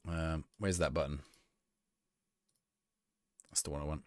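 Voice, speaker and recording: A man's voice: a bass voice, steady tone, a little slow, no room sound, clean studio sound. A young man casually chatting through a live game stream, answering chat in a rambling, easygoing way and laughing often. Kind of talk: casual gameplay commentary, reading chat.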